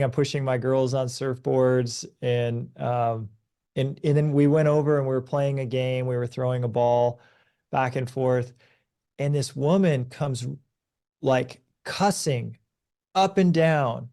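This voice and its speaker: Mellow-voiced man telling a story. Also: medium pitch, takes it slowly. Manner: earnest, storytelling, animated when recounting events. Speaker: podcast guest. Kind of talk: conversational advice talk.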